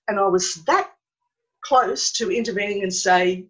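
A woman's voice: mid-range voice, unhurried, rough recording. A woman, talking earnestly and with feeling in a conversation. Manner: earnest, impassioned storytelling. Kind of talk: emotional conversational chat.

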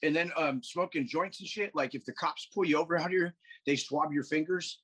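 A man's voice: fairly high pitch, brisk, fairly bright tone, low-quality recording. A man guest on a podcast, rambling through stories in a casual, profane way over a video call. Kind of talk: casual chat.

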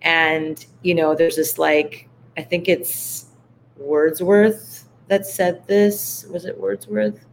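A woman guest talks in a relaxed, searching way, her voice carrying a gravelly fry. She leans on "like" as she works through her thoughts. A faint hum sits behind her. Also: deep voice, takes it slowly. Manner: reflective, heartfelt, heavy use of "like". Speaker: podcast guest. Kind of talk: casual conversation.

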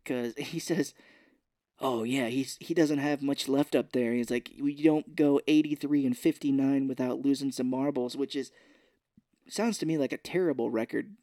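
A man's voice: medium pitch, moderate pace, dark tone, no echo, studio quality. Casual man recapping a movie. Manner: retells scenes doing brief character voices. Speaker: podcast co-host. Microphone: podcast microphone.

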